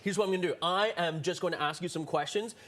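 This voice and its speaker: A playful young man from Scotland chats and performs magic as a guest, his voice high and his patter very fast. A faint noise sits behind him. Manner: playful, animated, quick banter. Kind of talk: casual studio chat with magic.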